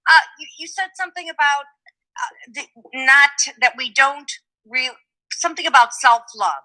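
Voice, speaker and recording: A woman on a video call puts a question to her teacher, her voice high and bright. She hesitates, restarts, and fills pauses while she works out what to ask. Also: low-quality recording. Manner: hesitant, searching questions with fillers. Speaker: class participant asking a question.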